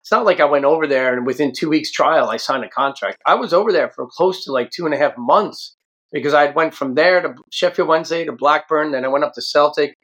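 A man in his fifties from the United States, telling stories from his playing days in a casual, animated way. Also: on the high side, brisk. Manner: animated, acts out quoted voices. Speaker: guest, former pro soccer player. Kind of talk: casual storytelling.

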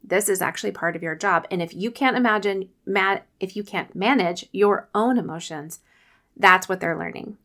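A woman's voice: medium pitch, normal speed, pushed and bright. A woman in her forties hosting a podcast, giving earnest, faith-based coaching advice. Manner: earnest, coaching, often acts out quotes. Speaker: podcast host.

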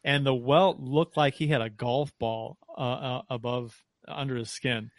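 A man co-hosting a casual podcast, telling a story in a relaxed way and laughing easily. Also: mid-range voice, unhurried, no room sound. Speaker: podcast co-host.

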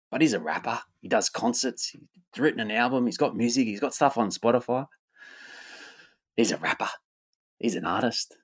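An event host and rapper hypes his upcoming event in an energetic, casual monologue at medium pitch and moderate pace. He repeats himself often, swears, and tacks "right?" onto his lines.

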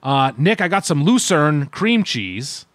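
A man's voice: fairly high pitch, big pitch swings, slow pace, a bit bright, dry recording. A man co-hosting a podcast, giving a rambling, meandering casual food review. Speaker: podcast co-host. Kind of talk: casual chat.

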